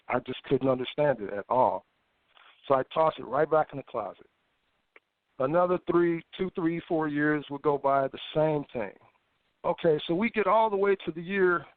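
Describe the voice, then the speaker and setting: A man, a guest on a phone interview, telling a personal story in a lively way, with stammered restarts and acted-out thoughts. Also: medium pitch, no room sound. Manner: animated, stammering restarts, acts out his own past thoughts. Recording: tinny phone line, dry.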